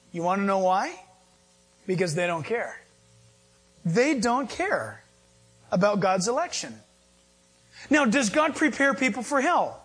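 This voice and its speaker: A man pastor preaching a sermon to a live congregation in a conversational style, jumping into sudden high emphatic bursts. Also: fairly bright tone, breathy edge. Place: church with live audience.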